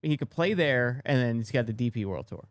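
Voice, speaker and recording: A man co-hosting a golf podcast, explaining details in an informative, slightly halting way. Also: mid-range voice, animated, dry recording, studio quality. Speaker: podcast co-host. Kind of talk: casual explanation.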